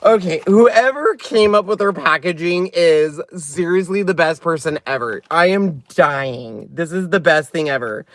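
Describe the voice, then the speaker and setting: Man, crafting vlog host, casual unboxing chat, giggly and dramatic, very lively pitch, inside a car. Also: measured pace, hardly any pauses.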